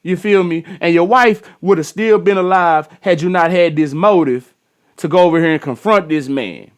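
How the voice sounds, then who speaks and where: A man's voice: fairly high pitch, moderate pace, smooth. A man giving casual reaction commentary on a news clip, blunt, slangy and profane, scolding the people involved and restarting his phrases as he goes.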